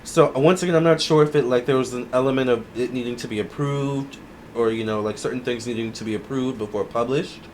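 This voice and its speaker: A man doing a casual tarot reading to camera, musing aloud in an unhurried way with many fillers. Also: mid-range voice, a little mellow, slight background noise. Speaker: tarot reader.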